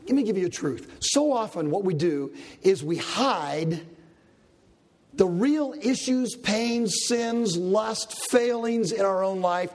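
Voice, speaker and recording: A man preaching a sermon as a pastor, telling Bible stories with animated delivery and acting out the characters' lines. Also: high-pitched, slow.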